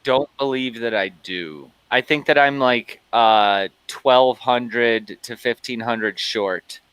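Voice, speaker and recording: A man on a voice call chatting as a guest, relaxed and self-deprecating. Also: mid-range voice, slow pace, smooth, no room sound, rough recording. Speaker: guest, video maker. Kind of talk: casual call chat.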